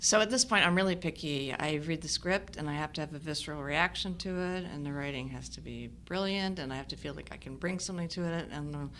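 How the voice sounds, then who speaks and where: A woman in her sixties, an actress telling stories from her career in a relaxed chat, laughing often. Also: sits low, fast talker, hardly any pauses, a little hiss or hum. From United States. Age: 60s. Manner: animated storyteller, laughs often. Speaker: actress guest. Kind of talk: casual conversation.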